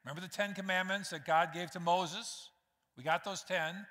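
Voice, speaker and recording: A man's voice: high-pitched, steady tone, moderate pace, sharp tone. A man preaching a sermon as pastor, conversational and direct with the congregation, acting out quotes. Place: church sanctuary. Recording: reverberant church hall.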